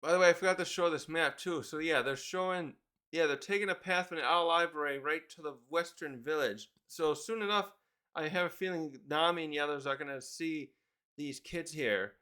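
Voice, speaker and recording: Man, manga reviewer, casual rambling, self-correcting, bright tense tone, fairly high voice. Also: brisk, smooth. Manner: rambling, self-correcting, reads panels aloud.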